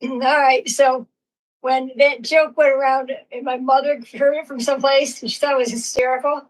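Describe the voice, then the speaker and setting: High-voiced woman chatting on a distant call. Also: flat delivery, moderate pace. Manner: chatty, amused anecdote-telling. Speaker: class participant. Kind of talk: casual chat.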